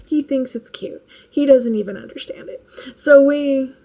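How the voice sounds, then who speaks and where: A woman's voice: sits high, unhurried, dark tone, low-quality recording. A woman chatting casually on a vlog late at night, tired, rambling and laughing often as she tells stories. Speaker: vlogger. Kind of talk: casual chat.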